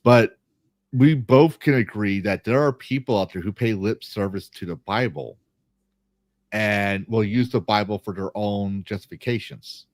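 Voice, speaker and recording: A man's voice: lowish voice, a little slow, dry recording. A man hosting a casual podcast chat, earnest and rambling, with many restarts. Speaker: podcast host.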